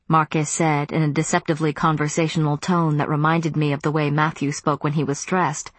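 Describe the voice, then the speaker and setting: A woman reading an audiobook in measured scripted narration. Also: sits low, flat delivery, no room sound.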